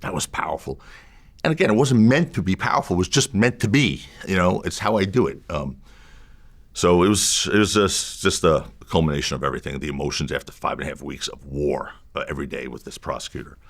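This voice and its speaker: A defense lawyer as an interview guest, telling a story in an animated, emphatic way and repeating phrases to drive a point home. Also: male voice, deep voice, fast, vocal fry.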